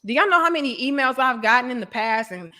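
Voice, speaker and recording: A woman's voice: a little high, lively intonation, fast, sharp tone. Blunt, preachy woman streamer. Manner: preachy and emphatic, addresses viewers directly as sis and brothers. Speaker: host of a live online talk show. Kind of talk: blunt live-stream commentary.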